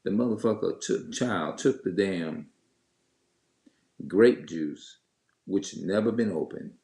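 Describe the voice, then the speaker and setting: A man's voice: sits low, takes it slowly, gravelly, mellow. A man telling viewers a story in a heated, cursing rant, stopping and restarting often. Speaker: vlogger. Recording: echoey room.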